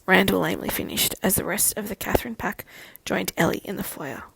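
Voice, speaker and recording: A woman narrating a fan fiction audiobook in a steady storytelling manner. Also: medium pitch, fairly quick, gravelly, background noise.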